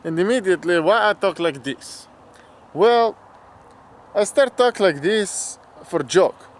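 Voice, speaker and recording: A man's voice: high voice, lively intonation, slight background noise, pitched above the performer's own voice. Young man putting on a mock Russian accent. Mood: playful. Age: 20s. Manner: broken grammar, playful and deliberate.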